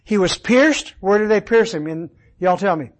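A man's voice: high-pitched, lively intonation, normal speed, poor audio. A man teaching a Bible study, quizzing his listeners with questions and repeating key words for emphasis.

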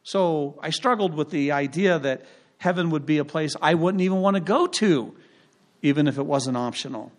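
Guy preaching a sermon, kinda high voice, emphatic, keeps asking the church stuff. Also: moderate pace. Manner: emphatic, rhetorical questions to the congregation. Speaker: pastor.

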